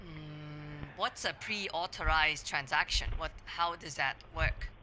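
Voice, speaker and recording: A man playing a hesitant adult woman posing as a scam target on a phone call, full of pauses and fillers. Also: fairly high pitch, pushed and bright, slight background noise, heavily acted. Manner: hesitant, slow, full of uh and spelled-out letters. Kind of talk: scambait phone role-play.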